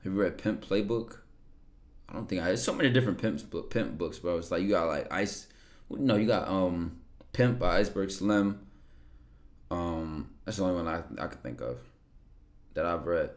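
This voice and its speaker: Blunt slangy young man, low voice. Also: lively intonation, moderate pace. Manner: blunt, slangy, curses freely, repeats words. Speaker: streamer answering viewer questions. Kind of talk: casual livestream talk.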